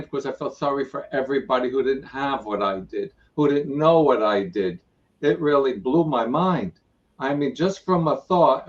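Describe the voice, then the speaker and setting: Man telling his spiritual story as a guest, lively and acting out quotes, set back from the mic. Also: mid-range voice, far from the mic, muffled recording. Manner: retells events with repeated "I go" and acted-out quotes. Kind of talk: animated personal storytelling.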